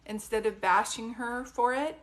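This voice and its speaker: A woman's voice: fairly high pitch, a little slow. A woman doing a psychic reading on a live stream, chatty and reassuring, with many fillers and restarts. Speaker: psychic medium.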